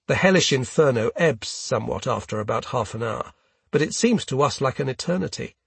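A man reading a first-person memoir in a measured, grave narrating style. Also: medium pitch, expressive, creaky, slightly rough, no room sound. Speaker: audiobook narrator.

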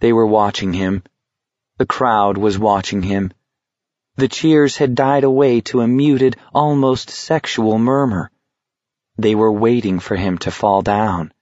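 A man narrating an audiobook in a measured, steady reading voice. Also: fairly low pitch, no room sound. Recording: dull lo-fi recording.

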